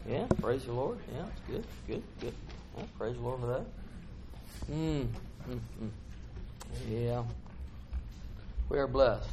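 A middle-aged preacher with a drawl who talks to his congregation in a chatty, folksy way and now and then lifts into excited bursts. His voice sits at an ordinary middle pitch for a man. A faint hum of the church hall runs under the sermon. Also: slow pace, pauses often.

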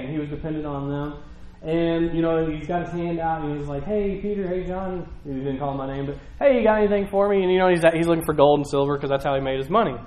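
A man's voice: a little high, rough recording. A young man preaching a casual, conversational sermon from a church stage, rambling with many restarts and fillers.

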